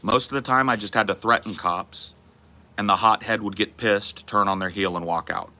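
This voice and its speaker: A man's voice: lowish voice, moderate pace, sharp tone. A man hosting a casual chat with viewers, talking in a blunt, profane and emphatic way. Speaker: streamer host.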